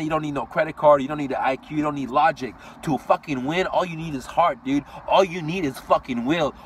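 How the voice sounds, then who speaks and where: A man's voice: a little high, recorded from a distance, slight background noise. A man from Iran delivering a blunt, profane motivational rant as a vlogger, constantly swearing and tacking "dude" onto his lines. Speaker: vlogger and business owner.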